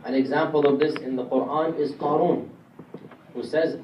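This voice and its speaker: A man's somewhat high voice keeps a fairly even intonation at a normal pace as he teaches Quran commentary to a class. He explains step by step and asks his audience questions. The dull audio has slight background noise and a roomy, distant quality with faint ambience.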